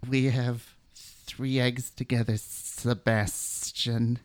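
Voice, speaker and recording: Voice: medium pitch, level tone, drawn-out words. A performer voicing Janessa, a wounded female snake. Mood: hurt. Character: hurt, emotional female snake. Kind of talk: improv comedy sketch.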